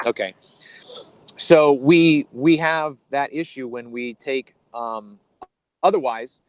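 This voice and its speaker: A man's voice: medium pitch, dry recording, rough recording. A man co-hosting a conversation, explaining Bible translation in a hesitant, teacherly way with frequent ums and restarts. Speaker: podcast co-host.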